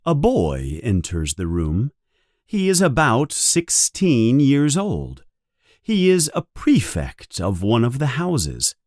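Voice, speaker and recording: Slow, expressive male storybook narrator. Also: mid-range voice, no room sound, clean studio sound. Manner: clear, deliberate, expressive storytelling. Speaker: audiobook narrator.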